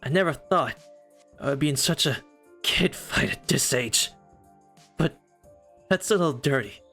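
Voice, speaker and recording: A man streamer reading aloud as a hot-headed, stubborn young man, delivering blunt lines in loud, rising outbursts. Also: a little high, animated, measured pace, creaky, faint music behind, full character voice. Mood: teasing. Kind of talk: reading a game's story mode aloud.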